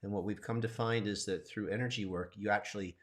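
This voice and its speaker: A man teaching a qigong lesson on a live stream, explaining calmly and guiding the listener step by step. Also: fairly low pitch, a little fast. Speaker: qigong instructor.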